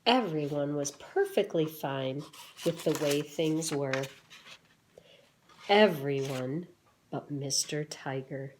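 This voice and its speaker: Slow, low-voiced woman reading to kids. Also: slight background noise. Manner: gentle, pauses to ask children questions and wonder aloud. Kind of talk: reading a picture book aloud to children.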